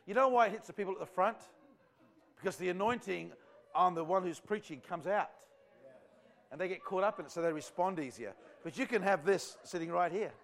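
Fervent preacher, higher voice. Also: male voice, fairly quick. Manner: fervent, rambling, conversational preaching. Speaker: visiting evangelist. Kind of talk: revival sermon to a live congregation. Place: church before a congregation.

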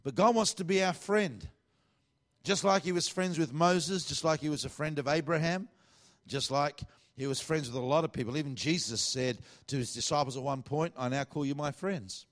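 A man's voice: fairly high pitch, moderate pace. A middle-aged man with an Australian accent, preaching a sermon in a casual, conversational way with asides.

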